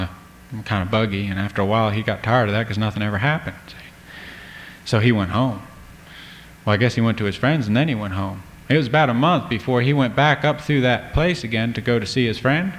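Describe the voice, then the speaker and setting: A man telling a folk tale in a folksy, drawling way, talking to the listener. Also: medium pitch. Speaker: storyteller.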